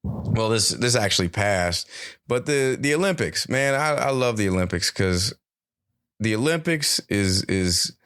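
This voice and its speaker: A middle-aged man hosting a solo podcast, rambling and joking in a loose, animated way with casual swearing. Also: on the low side, unhurried, smooth, no echo, clean studio sound. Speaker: podcast host. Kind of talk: solo comedic podcast monologue.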